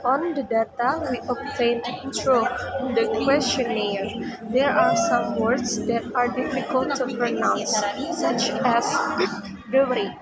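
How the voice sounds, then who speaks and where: A young woman from Indonesia, a university student giving a class presentation, reading slowly with halting restarts. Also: a little high. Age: young adult. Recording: loud crowd noise behind.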